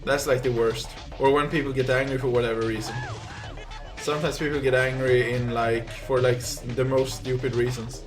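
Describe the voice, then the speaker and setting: A man's voice: mid-range voice, little pitch movement, moderate pace, music in the background. A young man from Sweden with a Swedish accent, chatting casually on a live gaming stream and rambling through stories with many fillers.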